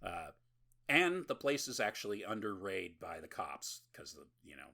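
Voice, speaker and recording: A man's voice: low-pitched, sing-song, normal speed, creaky, bright, forceful tone. A man co-hosting a podcast, recapping a horror movie in casual, rambling, profane chat and laughing often. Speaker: podcast co-host.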